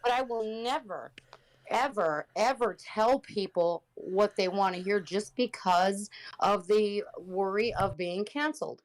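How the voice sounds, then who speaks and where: A woman chatting on a casual podcast, outspoken and unfiltered, stopping and restarting mid-thought. Her pitch sits in the ordinary middle range for a woman, and she swears without hesitation. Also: rough recording. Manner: blunt, halting, restarts often, swears. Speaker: podcast guest, reaction streamer. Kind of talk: casual chat.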